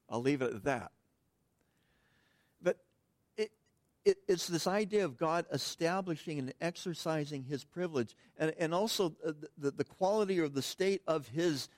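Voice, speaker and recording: A man's voice: fairly high pitch, no room sound. A man preaching a sermon in a conversational way, with frequent restarts and asides to the congregation. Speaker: pastor.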